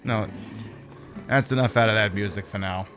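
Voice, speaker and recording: A man's voice: on the low side, normal speed, music in the background. A man with an Australian accent, ranting and swearing in casual chat while streaming a game.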